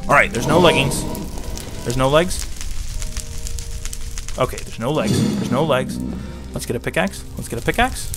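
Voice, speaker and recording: A man giving excited gameplay commentary, repeating phrases rapidly under pressure. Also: mid-range voice. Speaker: gameplay channel host. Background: loud background music.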